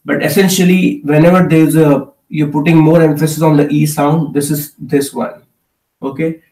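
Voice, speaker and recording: A man's voice: a little high, level tone, moderate pace, mellow. A man teaching a live online Hindi class, explaining with many fillers and checking in with "okay" as he goes. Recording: echoey room, mic at a distance.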